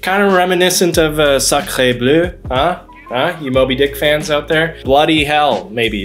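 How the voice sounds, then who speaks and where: A man's voice: medium pitch, a bit bright. Playful man hamming up a comedy explainer. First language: English. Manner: joking, playful, mock-dramatic. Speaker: YouTube host.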